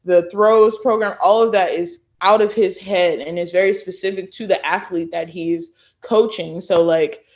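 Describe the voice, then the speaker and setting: A Texas woman in her late twenties, a former college thrower, guests on a casual podcast interview. Her lowish voice moves at a normal pace as she tells lively stories and acts out what other people said, all in dull lo-fi sound.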